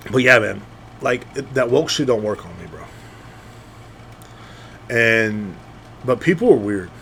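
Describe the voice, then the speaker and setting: Podcast host, male, young adult, drunk; loose profane rambling monologue, very animated pitch, faint background noise. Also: unhurried, gravelly. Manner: profane, rambling, with frequent fillers and restarts.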